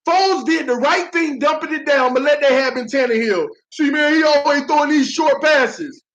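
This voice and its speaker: A man with a strikingly high voice calls plays and reacts to a live football game, excitable and theatrical, slipping into slang and loud groans. The stream audio sounds dull and lo-fi, with muffled highs. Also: moderate pace.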